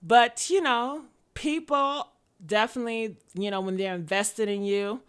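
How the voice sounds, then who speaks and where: A woman's voice: fairly high pitch, a little slow, a bit bright, smooth. A woman, telling her story bluntly and profanely in a candid sit-down monologue. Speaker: vlogger.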